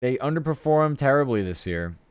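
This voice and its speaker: A man's voice: medium pitch, animated, brisk, clear, resonant tone, no room sound. A young man chatting casually on a live stream while he works, often muttering to himself.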